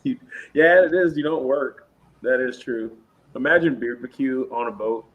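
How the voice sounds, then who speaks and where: A man's voice: medium pitch, moderate pace, highs cut off. A man co-hosting a podcast in casual, laid-back chat, rambling and joking. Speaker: podcast co-host.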